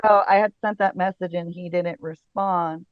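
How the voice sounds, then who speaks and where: A chatty woman guest tells stories in a loose, easygoing way, full of fillers and quick laughs. Her voice sits at a middle pitch. The sound is dry and a little dull, as on a modest podcast setup. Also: steady tone, smooth, dry recording. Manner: chatty storyteller, many fillers, laughs often. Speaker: casting director and podcast guest. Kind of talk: casual interview chat.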